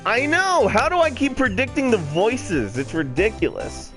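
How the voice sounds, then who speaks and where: An animated man gives casual, amused let's play commentary, his pitch swinging widely as he talks. He swears freely. Game music plays behind him. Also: normal speed. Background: background music.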